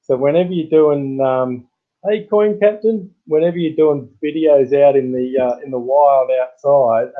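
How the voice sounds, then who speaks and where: An Australian man hosting a casual live stream, rambling and greeting chat viewers in sudden high bursts. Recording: tinny phone-like sound.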